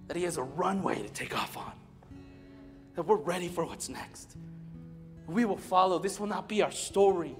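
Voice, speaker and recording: A man in his thirties preaches a sermon in a large church hall, his voice fairly high for a man. He swings from loud, emphatic lines to hushed near-whispers and tells stories with humor. A long reverb hangs on every word, and a soft guitar plays underneath. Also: animated, moderate pace, pauses often. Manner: storytelling with humor. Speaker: pastor.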